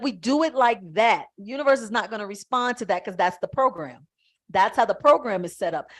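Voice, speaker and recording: A woman spiritual coach teaches on a live stream, her voice a little high. She speaks emphatically and conversationally, sometimes getting loud.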